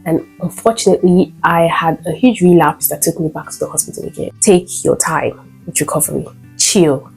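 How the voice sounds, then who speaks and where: A young woman vlogging casually about new motherhood, chatty with many fillers and sudden animated bursts. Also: low voice, normal speed, vocal fry, poor audio. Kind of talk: casual storytime vlog. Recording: faint guitar music behind.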